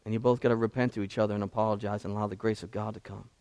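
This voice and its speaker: A man's voice: on the low side, little pitch movement, racing, darkish tone. A man, a pastor, preaching a conversational sermon that swings from casual asides to impassioned climaxes.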